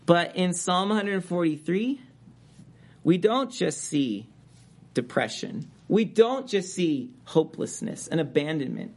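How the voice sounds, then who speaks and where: A man's voice: sits high, animated, unhurried, darkish tone. A man preaching a sermon as a pastor, reading scripture aloud and rising in emphasis on key words.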